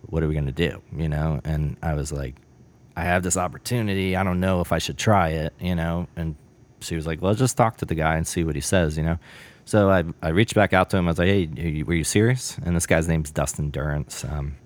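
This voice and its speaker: A man's voice: deep voice, brisk. A man brewer telling a story in a casual interview, rambling with many fillers and acting out bits of dialogue.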